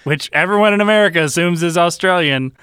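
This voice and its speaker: A man co-hosting a podcast in casual chat, calm and matter-of-fact. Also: sits high, fast, smooth, no room sound, clean studio sound. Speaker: podcast co-host.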